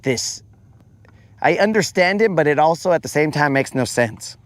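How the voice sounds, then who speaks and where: On a dry recording at a moderate pace, this fishing livestream host chats animatedly with his audience using plenty of slang. When he quotes someone, he switches to a higher voice.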